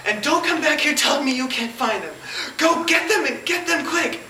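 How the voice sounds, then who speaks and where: A woman's voice: sits high, lively intonation, normal speed, pushed and bright, reverberant, far from the mic, slight background noise, rough recording. A woman voicing a headstrong young belle who barks orders imperiously. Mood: bossy. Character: bossy, fiery young Southern belle.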